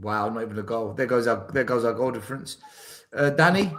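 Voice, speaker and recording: A man's voice: medium pitch, fairly quick, fairly bright tone. A man hosting a casual football chat, running through guests' score predictions. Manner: banters with guests, runs the predictions. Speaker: podcast host.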